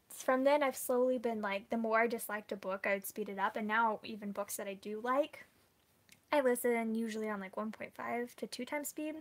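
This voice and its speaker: A woman book vlogger chatting casually with her viewers, full of "like" fillers and quick laughs. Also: on the high side, fairly even intonation. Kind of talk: casual live chat with viewers.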